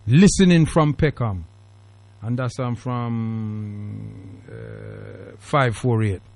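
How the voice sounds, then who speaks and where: A man hosts a call-in show in a radio studio, sounding emphatic and preachy, his British accent thick with Jamaican Patois. His fairly low, darkish, creaky voice is very animated yet extremely slow, with no room sound at all.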